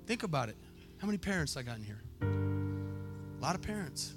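A man preaching a sermon to his church, impassioned, swinging from soft reflection to near-shouted, chanted exhortation. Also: sits high, big pitch swings, brisk, long pauses, loud music behind the voice. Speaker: pastor. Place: church sanctuary.

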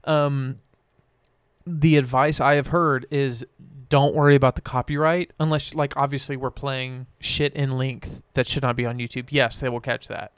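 A man's voice: mid-range voice, fairly even intonation, moderate pace, clear, resonant tone, dry recording. A young man co-hosting a podcast, rambling in casual chat, swearing often and losing his train of thought. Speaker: podcast co-host.

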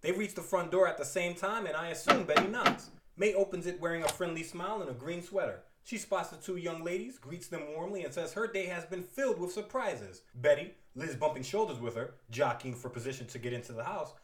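A man retelling a classic comic book story with playful asides and quick put-on voices for the characters. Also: a little high, reverberant. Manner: lively, playful, theatrical asides.

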